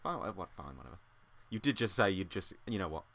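A man's voice: sits low, very animated, fast, gravelly, fairly bright tone. A young man co-hosting a podcast, teasing and playful in casual chat, filling his talk with likes and laughs. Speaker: podcast co-host.

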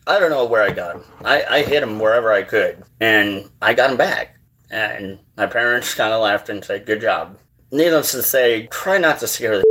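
A man hosting his own show, telling a personal story in a halting, rambling, earnest way. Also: mid-range voice, a bit bright. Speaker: show host.

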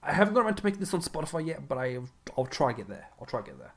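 Joking young Australian podcast host. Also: male voice, a little high, big pitch swings, racing, vocal fry, a bit bright, breathy edge. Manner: jokey, laughs often, rambling sign-off. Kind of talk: casual chat.

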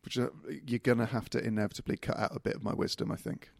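Gravelly low-voiced male podcast guest. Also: fairly even intonation, fast talker, no echo. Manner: storytelling, self-mocking. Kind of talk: casual chat.

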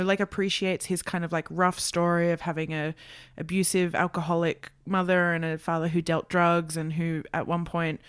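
A woman's voice: on the low side, smooth, no room sound, clean studio sound. A woman co-hosting a podcast, chatting casually with lots of fillers and casual swearing. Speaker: podcast co-host. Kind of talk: casual chat.

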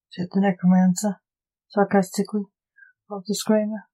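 A woman hosting a podcast, telling gothic fiction in a measured, theatrical narration. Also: mid-range voice, little pitch movement, mellow, poor audio. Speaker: podcast host and storyteller.

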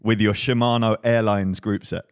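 A man's voice: lowish voice, fairly even intonation, moderate pace, dry recording, studio quality. A man co-hosting a cycling podcast in casual chat, joking and giggling. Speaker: podcast co-host.

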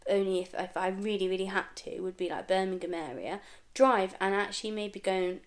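Woman, casual podcast chat, mid pitch, frequent laughter, playful swearing. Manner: chatty, swears for comic effect, laughs often. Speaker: podcast co-host, florist.

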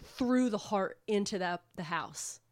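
A woman casually recapping a book plot on a podcast, rambling and animated, with swearing. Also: medium pitch, a little slow, no room sound, clean studio sound. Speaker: podcast co-host retelling a book. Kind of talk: casual chat.

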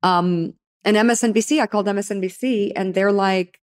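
A woman's voice: mid-range voice, brisk, hardly any pauses, dry recording, studio quality. A middle-aged woman, a TV news anchor, telling her career story in a conversational interview and acting out the dialogue. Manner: animated, acts out quoted dialogue.

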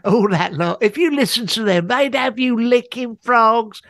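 Male comic co-host, gravelly mid-pitched voice, crude banter, dry sound. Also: measured pace, fairly bright tone, no echo. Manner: crude, chiming in, egging on. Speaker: podcast co-host.

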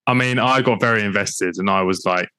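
A man with a low voice chats on a podcast in an amused way. The sound is dry and close. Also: brisk, pushed and bright, clean tone, no echo. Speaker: podcast co-host. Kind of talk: casual chat.

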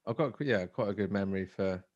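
Playful chatty man, low dry voice. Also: fast, darkish tone, no echo, highs cut off. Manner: chatty, playful, many restarts. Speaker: podcast co-host and agile trainer. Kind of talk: casual chat. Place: home.

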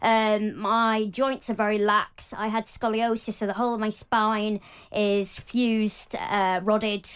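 A young woman talking openly as an interview guest, chatty and animated, with lots of fillers. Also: medium pitch, slow pace, clear, resonant tone. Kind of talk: casual interview talk.

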